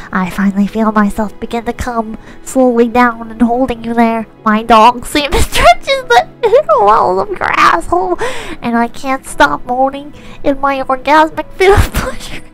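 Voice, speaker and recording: A woman streamer reading viewer messages in a soft, close-miked ASMR voice, irreverent and prone to swearing, shifting into a mock-solemn reading tone. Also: on the high side, moderate pace, faint music behind. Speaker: streamer host.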